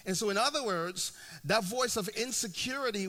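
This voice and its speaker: Male pastor, forties, very high sharp voice, conversational sermon delivery full of restarts. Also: normal speed. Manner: conversational preaching, often checks in with "right?"; frequent restarts and repeated words.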